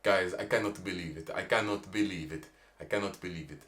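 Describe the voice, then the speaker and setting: A man's voice: low voice, fairly quick, fairly bright tone. A man putting on an impression of a racing driver who acts shocked and repeats his disbelief. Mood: mock disbelief. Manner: mock-surprised, repetitive disbelief.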